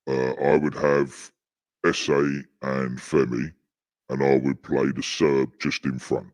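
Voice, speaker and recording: Booming ultra-deep voice. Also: male voice, flat delivery, takes it slowly, darkish tone, no echo. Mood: gruff. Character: booming deep-voiced man, gruff and teasing. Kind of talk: online podcast banter. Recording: dull, muffled, dry.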